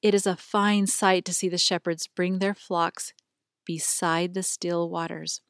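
A woman voicing a gentle middle-aged Syrian shepherd man who tells stories tenderly and reverently. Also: lowish voice, little pitch movement, unhurried, dry recording, studio quality.

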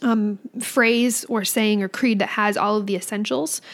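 A woman's voice: medium pitch, steady tone, measured pace. A woman co-hosting a casual podcast about faith, speaking earnestly and with animation. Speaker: podcast co-host. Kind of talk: casual religious discussion.

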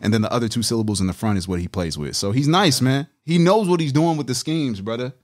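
A man co-hosting a casual hip-hop review podcast, excitedly reading lyrics aloud and breaking down the rhyme schemes, laughing often. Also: medium pitch, fast. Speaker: podcast co-host.

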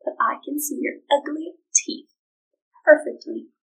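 A woman's voice: high-pitched, measured pace, creaky, far from the mic, poor audio. A woman doing a cheeky, taunting clever girl. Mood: sly. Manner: sly and taunting.

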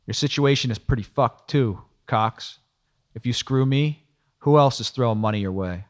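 A man's voice: medium pitch, normal speed, lightly acted. A man voicing a curt, pressured male business contact in an audiobook, speaking bluntly in clipped lines.

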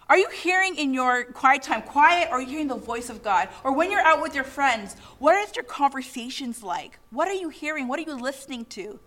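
A woman's voice: high voice, fairly bright tone. A middle-aged woman preaching a sermon in an earnest way, asking the congregation many questions.

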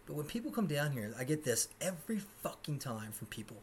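A man's voice: on the high side, big pitch swings, brisk, husky. A man in his twenties hosting a podcast from his apartment, ranting sarcastically and profanely about his life. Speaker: podcast host. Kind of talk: solo comedic rant.

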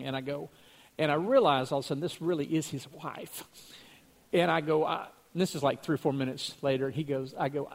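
A pastor delivers his sermon like a chat with friends, his voice pitched high for a man. He spins anecdotes, stops to chuckle, and doubles back on words mid-sentence. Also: brisk, vocal fry. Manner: storytelling, chuckling, repeats words as he goes. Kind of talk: conversational sermon.

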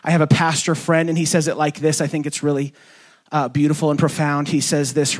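A young man preaching to his church in a loose, conversational style, his fairly high voice stumbling through small restarts and fillers. Every so often he leaps way up in pitch to act out someone's excited words. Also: a little fast. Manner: acts out quoted voices in sudden high pitch. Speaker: pastor. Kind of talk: sermon. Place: church sanctuary.

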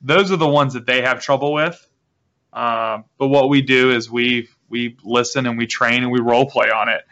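Bright-voiced man, dull lo-fi audio. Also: mid-range voice, normal speed. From South Carolina. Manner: relaxed, rambling with restarts. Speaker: guest, real estate wholesaler. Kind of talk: casual interview talk.

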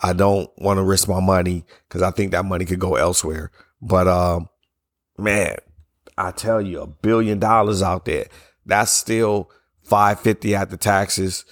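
Hoarse, blunt man podcasting solo. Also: low voice, steady tone, measured pace, no echo, studio quality. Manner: blunt, opinionated, loose and conversational; yawning between sentences. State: hoarse, strained voice from yelling. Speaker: podcast host. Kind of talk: casual solo podcast monologue.

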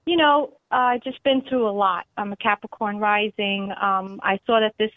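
A woman's voice: medium pitch, fairly even intonation, normal speed, no room sound. Chatty New York woman on a phone line. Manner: chatty, upbeat, laughs often. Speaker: caller. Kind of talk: phone-in chat.

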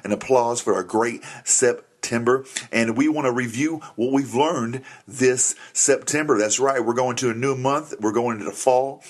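A man's voice: mid-range voice, normal speed, a little hiss or hum. A middle-aged man hosting a Christian family podcast, upbeat and jokey, often saying "that's right" as he motivates listeners. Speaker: podcast host.

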